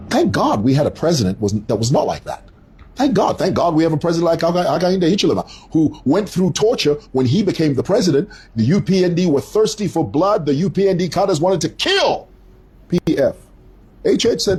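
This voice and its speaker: A middle-aged man giving opinionated commentary, animated and storytelling, stretching words for emphasis. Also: on the high side, a little fast, husky, poor audio. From Zambia.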